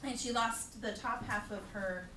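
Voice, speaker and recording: A woman's voice: a little high, measured pace, background noise. A middle-aged woman doing a stand-up comedy set at a bar open mic, wry and self-mocking. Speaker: stand-up comic. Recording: echoey room, crowd laughter.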